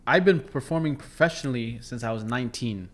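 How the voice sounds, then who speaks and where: A man in his thirties from Canada hosts a podcast, relaxed and asking long, winding questions. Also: medium pitch, brisk. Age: 30s. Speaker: podcast host. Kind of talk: casual interview talk.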